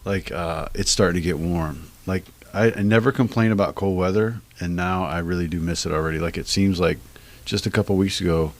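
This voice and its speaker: A man's voice: sits low, a little fast. A male pastor hosting a casual church podcast, easygoing and joking as he steers the talk. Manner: easygoing, joking, leads the conversation.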